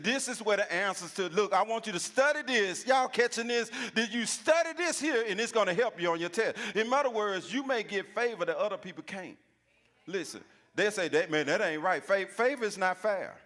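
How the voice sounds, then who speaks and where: A pastor, preaching a sermon and calling out asides to the congregation. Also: male voice, sits high, fairly bright tone. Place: church sanctuary. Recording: long church reverb.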